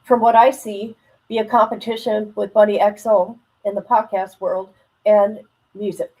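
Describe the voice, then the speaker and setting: A husky woman hosting a livestream, thinking aloud in a casual, musing way. Her thoughts trail off and she circles back to them. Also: mid-range voice, level tone, moderate pace, dark tone, rough recording. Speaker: stream host reacting to a video.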